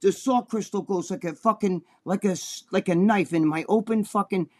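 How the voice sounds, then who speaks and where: A man co-hosting a talk show, telling a story in a casual, animated, profane way and acting out the people he quotes. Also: sits high, normal speed. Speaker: co-host.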